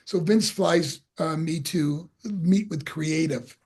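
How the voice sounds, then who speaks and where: Speaking slowly in a slightly rough, a little high, crackly voice, a former pro wrestler in his sixties tells stories from his career as an interview guest. He brings them to life by acting out what people said.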